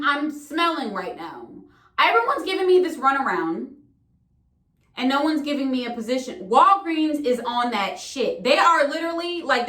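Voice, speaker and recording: A woman's voice: high voice, sharp tone. A young woman venting casually to camera, exasperated and profane. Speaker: vlogger. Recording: roomy echo.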